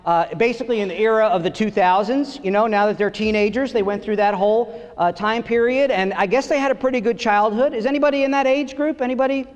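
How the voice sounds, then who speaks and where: A middle-aged man from New York and Florida doing a live stand-up set on a theater stage, animated and jumping into quick character voices. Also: high voice. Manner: animated, does quick gangster and Southern voices mid-joke. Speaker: stand-up comedian. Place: large historic theater stage with audience. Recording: live theater with hall reverb and faint ambience.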